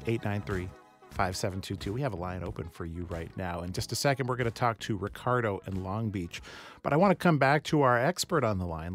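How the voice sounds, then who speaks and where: Energetic male radio talk host. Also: fairly low pitch, no room sound. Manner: upbeat, energetic, repeats the phone number. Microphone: studio microphone.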